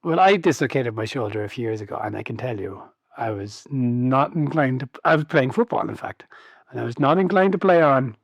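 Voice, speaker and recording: A man's voice: mid-range voice, expressive, a little fast, gravelly, dry recording. A man co-hosting a podcast in casual chat, amused and often laughing as he teases his co-host with questions.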